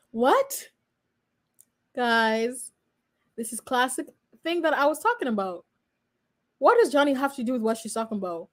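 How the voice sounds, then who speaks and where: A woman in her twenties, a law student reacting live and chatting straight to her viewers. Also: a little high. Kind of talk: live reaction stream commentary.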